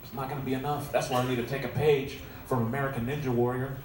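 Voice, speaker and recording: A man's voice: mid-range voice, little pitch movement, fast. A man in his thirties doing a stand-up set and emceeing in a comedy club, talking in a sarcastic, punchy, conversational way into a stage mic. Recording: echoey club from far off, crowd noise.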